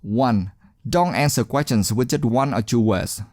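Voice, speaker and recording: A man teaching exam speaking skills in scripted narration, encouraging and deliberate, stressing key words. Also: mid-range voice, a little mellow, no room sound.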